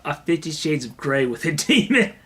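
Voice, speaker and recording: A man's voice: a little high, very animated, moderate pace, over a noisy crowd. A young man co-hosting a comedy advice podcast, making dry, teasing jokes and laughing often. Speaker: podcast co-host. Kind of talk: casual comedic chat.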